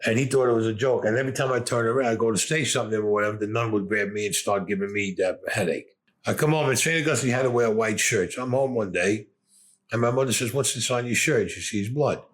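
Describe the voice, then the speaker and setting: A man's voice: lowish voice, fast. An older man with a Brooklyn accent, bluntly telling stories from his youth in an interview, full of swearing. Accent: Brooklyn New York. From Brooklyn, New York. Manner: blunt, gruff, swears often. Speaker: interviewee recounting his past. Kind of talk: profane storytelling interview.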